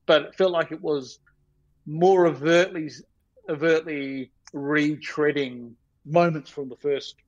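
A man's voice: a little high, fairly even intonation, slow, no room sound, dull audio. A man, a guest on a podcast, telling a long rambling anecdote in a self-deprecating way. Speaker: podcast guest, storyboard artist.

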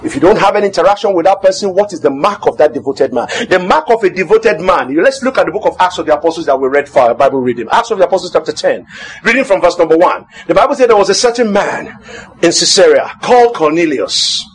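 A man preaching a sermon as pastor, emphatic and repetitive, now and then shouting. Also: high-pitched, expressive, fast talker.

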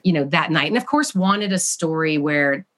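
A woman author speaks as a podcast guest over a video call, her voice sitting a little low. She talks in a chatty, storytelling way, full of asides. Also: lively intonation, moderate pace. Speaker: children's book author, guest. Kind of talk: casual interview chat.

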